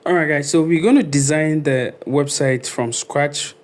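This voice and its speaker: Easygoing man walking through a tutorial. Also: fairly high pitch. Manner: unhurried, many ums and okays, thinking aloud. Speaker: web design tutor. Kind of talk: casual screen-recorded tutorial walkthrough.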